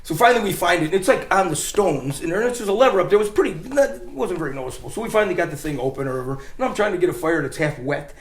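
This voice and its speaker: Animated man telling a story, echoey room. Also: sits high, very fast, few pauses. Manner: animated, rambling, restarts and laughs while telling. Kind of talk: casual storytelling chat.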